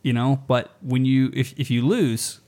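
A man's voice: medium pitch, measured pace. A man co-leading a pipe band, chatting casually and telling stories with lots of swearing and laughter. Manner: profane, animated storytelling with laughter. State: sleep-deprived. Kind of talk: casual podcast chat.

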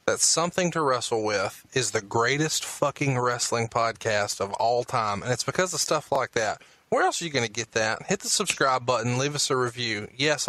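A male podcast host talking excitedly and plugging his show. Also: mid-range voice, dry recording. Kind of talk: casual podcast hosting.

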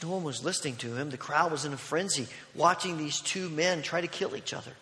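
A man preaching a sermon as a pastor, telling a story that moves between loud, urgent passages and hushed ones. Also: high voice. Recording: long reverb of a large hall.

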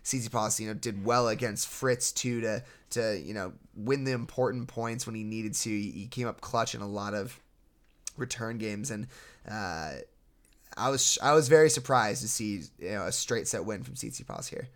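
A young man co-hosting a sports podcast, breaking down matches in a relaxed, analytical way with frequent restarts. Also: fairly low pitch, moderate pace. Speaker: podcast co-host. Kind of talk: casual sports podcast chat.

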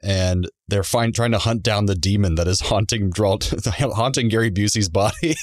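A man's voice: lowish voice, a little slow, no room sound. A man co-hosting a podcast in loose casual chat, laughing often as he talks. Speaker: podcast co-host.

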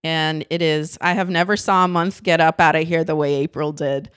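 A woman who is a comedian, guesting on a podcast and telling deadpan jokes in casual chat. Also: low voice, normal speed, smooth, dry recording, studio quality.

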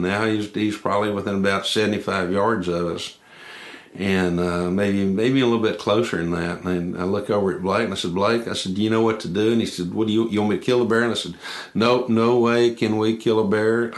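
A man with a low voice and a drawl recounts a hunting tale in a folksy, unhurried way. He repeats himself and restarts his sentences as he talks. The recording has a roomy echo around his voice. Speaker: hunter telling a story. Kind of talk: casual spoken storytelling.

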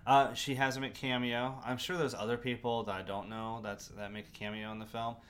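A man co-hosting a casual movie podcast, measured and fact-checking, with frequent ums and restarts. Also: mid-range voice, level tone, fairly bright tone. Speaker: podcast co-host. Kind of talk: casual movie review chat.

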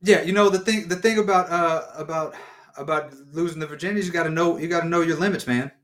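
A man's voice: fairly high pitch, quick pace, fairly bright tone. A man co-hosting a casual sports talk show, rambling through his points with restarts and bursts of laughter. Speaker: co-host.

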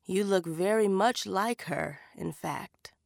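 A wise old market woman with a secret gift, speaking in a knowing, gently chiding way, as a woman narrator puts her on. Her lines come slow and a little gravelly, with a close, dry sound. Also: mid-range voice, no room sound.

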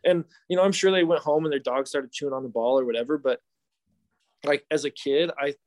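Young male pitcher, casual storyteller, higher voice, acts out quotes. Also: a little fast, a little mellow. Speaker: professional baseball pitcher guest. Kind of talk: casual podcast chat.

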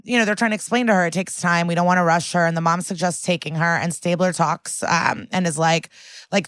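A woman co-hosting a podcast talks through a TV episode in loose, chatty fashion. Her voice sits on the low side, and she keeps filling her sentences with "like" and "um." The sound is close and dry. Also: fairly bright tone, clear, resonant tone, no echo. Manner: chatty, lots of "like" and "um", acts out quotes. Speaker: podcast co-host. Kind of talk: casual recap chat.

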